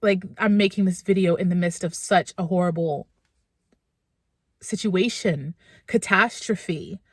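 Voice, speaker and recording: A woman's voice: on the low side, measured pace, dry recording, clean studio sound. A woman vlogging from her car and then a supermarket, candidly venting and getting emotional. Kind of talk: casual personal vlog.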